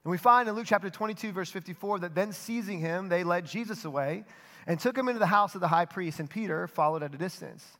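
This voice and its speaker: Young adult male pastor, earnest sermon delivery, fairly high voice, soft dramatic drops. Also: quick pace.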